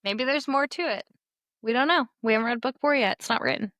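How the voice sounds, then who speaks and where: A woman's voice: on the high side, fast talker, fairly bright tone, dry recording. Young woman, podcast co-host, opinionated casual chatter, very dry close sound. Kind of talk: casual book discussion.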